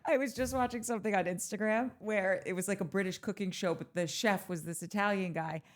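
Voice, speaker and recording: A woman's voice: medium pitch, fairly quick. A woman co-hosting a podcast, chatting casually and joking, often breaking into laughter. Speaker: podcast co-host. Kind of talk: casual recap chat.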